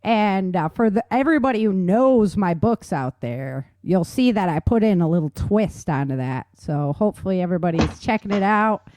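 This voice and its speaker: An upbeat, chatty woman hosts a podcast, her talk bright with laughter and quick rises in pitch. She is recorded close on a dry mic with almost no room sound. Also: expressive, dry recording. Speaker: podcast host. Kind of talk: casual chat.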